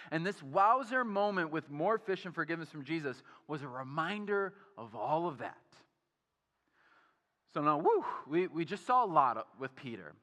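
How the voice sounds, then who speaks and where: A man's voice: a little high, sharp tone, long reverb tail. A man in his thirties preaching a sermon, telling personal stories in a casual way full of fillers. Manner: casual, storytelling, many fillers like "like". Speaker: pastor. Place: church sanctuary.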